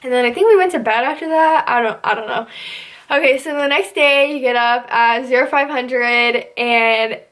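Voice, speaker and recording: A woman's voice: sits high, moderate pace, fairly bright tone. A young woman casually telling a rambling story about her first days of basic training, full of "like" and asides. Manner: chatty, rambling, heavy use of "like". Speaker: vlogger recounting basic training.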